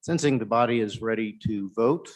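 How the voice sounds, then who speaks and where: A man presiding over a legislative session, calling votes in measured, formulaic phrases. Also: lowish voice. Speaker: presiding chairman. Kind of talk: procedural chairing. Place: legislative chamber.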